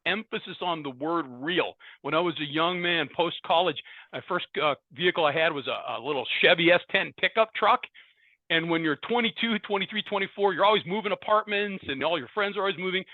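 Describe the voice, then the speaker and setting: A man's voice: a little high, very animated, normal speed, no room sound. A man giving a personal share at a recovery meeting, speaking emphatically and hammering on repeated words as he addresses the room. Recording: tinny phone-like dry sound.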